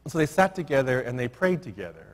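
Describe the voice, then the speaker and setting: A man's voice: medium pitch, very animated, fast talker. A man giving a keynote address, telling a story animatedly and acting out the dialogue. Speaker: keynote speaker. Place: large assembly hall. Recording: long hall reverb.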